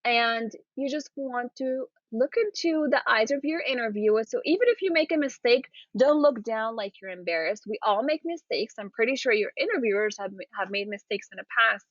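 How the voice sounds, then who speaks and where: A woman's voice: a little high, lively intonation, normal speed, few pauses, a bit bright, dry recording, dull audio. A woman coaching viewers on interview manners, often checking in with "okay?" and "right?" as she demonstrates. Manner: encouraging, repeats "okay?" and "right?". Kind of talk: demonstrating to camera.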